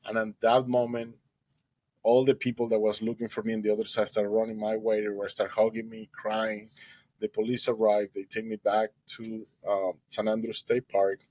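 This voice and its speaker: A man's voice: lowish voice, level tone, moderate pace, darkish tone, no echo, rough recording. A man telling his own story of a near-death rescue as an earnest personal testimony, speaking with emotion and simple non-native grammar.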